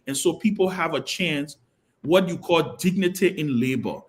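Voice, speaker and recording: High-voiced impassioned Liberian man. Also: fairly bright tone. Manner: passionate, repeats words while holding the floor. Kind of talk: heated panel debate. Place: television studio.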